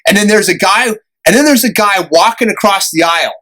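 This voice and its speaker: A young man tells a story on his podcast in a loose, chatty way. His voice sits high and sounds bright and forceful. He laughs often and acts out the people in the story. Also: brisk, low-quality recording. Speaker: podcast host. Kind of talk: casual storytelling chat.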